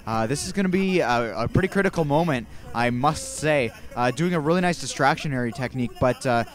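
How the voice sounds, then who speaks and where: A young man casting a video game match in an easygoing, rambling way. He often backtracks and corrects himself mid-sentence. His voice sits at an ordinary middle pitch. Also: a little fast, soft background music. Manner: rambling, relaxed, self-correcting. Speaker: amateur esports caster. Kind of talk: casual play-by-play game commentary.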